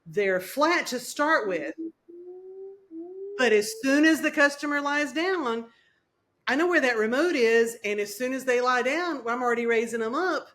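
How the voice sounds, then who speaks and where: A woman hosting a casual podcast chat, laughing often and chiming in with quick agreement. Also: high voice, animated, a bit bright, a little hiss or hum. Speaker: podcast host.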